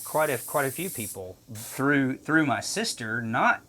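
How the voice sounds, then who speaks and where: Man, tattoo artist guest, casual swearing storyteller, average pitch, faint background hiss. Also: lively intonation, a little slow, sharp tone. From North Carolina. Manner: profane, rambling, acts out both sides of the old conversation. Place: tattoo studio, painting while talking.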